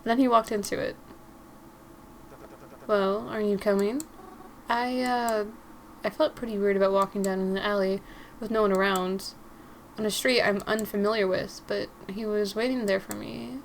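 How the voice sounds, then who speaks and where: A woman's voice: mid-range voice, steady tone, a little fast, vocal fry, slight background noise. A young woman reading a visual novel aloud, narrating casually and breaking off to comment and giggle. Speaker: gaming creator.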